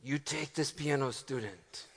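A man putting on a mock foreign accent to play an over-the-top motivational speaker, dramatic and breathy, in a sermon. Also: medium pitch, a little slow, big-room sound, close to an everyday voice. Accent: put-on Spanish-flavored foreign accent. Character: man doing a hammy movie-style motivational speaker.

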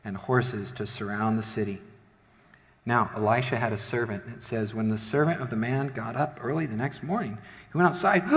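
A man preaching a sermon as a pastor, retelling a Bible story and acting out its characters with lively voices. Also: medium pitch, moderate pace. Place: church sanctuary. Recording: long hall reverb.

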